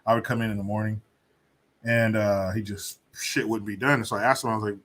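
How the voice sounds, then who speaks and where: A man's voice: fairly low pitch, steady tone, brisk, fairly bright tone. A man doing a profane, mocking video commentary, casual and scornful. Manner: casual storytelling with fillers. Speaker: vlogger.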